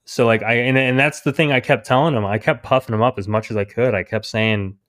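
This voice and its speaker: A man, a guest on a podcast, telling a story in a rambling, animated way and quoting other people's words. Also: mid-range voice, a little fast. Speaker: indie comic creator, guest. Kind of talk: casual storytelling interview.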